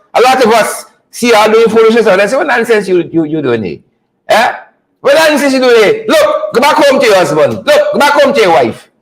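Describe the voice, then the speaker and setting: A man with a notably high voice hosts a live stream in a loose, teasing way. He repeats his phrases and laughs often as he talks. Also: low-quality recording. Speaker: online show host. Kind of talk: casual live-stream talk.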